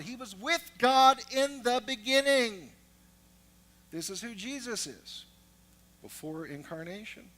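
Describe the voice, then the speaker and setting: A man's voice: sits high, expressive, a little slow, a bit bright, low-quality recording. A man preaching a sermon as pastor, moving from storytelling to emphatic teaching.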